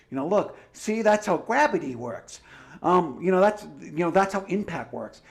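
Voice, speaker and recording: A man's voice: sits high, very animated, moderate pace, creaky. Man ranting profanely on a livestream. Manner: sarcastic asides. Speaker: livestream commentator. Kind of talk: heated livestream monologue.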